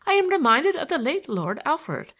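A woman's voice: sits high, sing-song, moderate pace, a bit bright, voice pushed up. A woman voicing a boisterous Irish man who teases and declaims with mock grandeur. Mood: ironic. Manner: mocking, declamatory.

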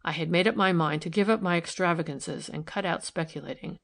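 A man's voice: fairly high pitch, fairly quick, gravelly, fairly bright tone. A woman reading a sober, wistful young man. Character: troubled young man confiding in a visitor. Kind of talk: audiobook character reading.

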